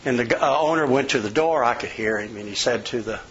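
A man's voice: medium pitch, quick pace, fairly bright tone, slight background noise. A middle-aged man preaching a sermon, a folksy storyteller who tells personal anecdotes. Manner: folksy storyteller, acts out quoted voices. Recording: slightly dull lo-fi sound.

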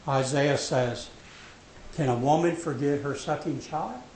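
Slow, dramatic preacher man in echoey hall. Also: fairly high pitch. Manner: dramatic, swings from loud to hushed when quoting God. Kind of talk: sermon. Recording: echoey hall with faint noise.

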